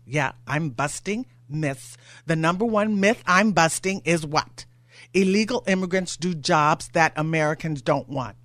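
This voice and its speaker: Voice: mid-range voice, fairly bright tone, no echo. A talk radio host in a studio, getting worked up and firing off rhetorical questions.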